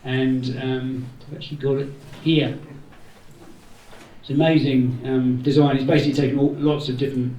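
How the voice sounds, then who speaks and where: A man's voice: mid-range voice, little pitch movement, moderate pace, lo-fi sound, slight background noise. A man gives an informal thank-you speech to a gathering, rambling a little with jokey asides. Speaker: event organiser giving thanks. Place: indoor community room. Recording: roomy hall, voice from far off.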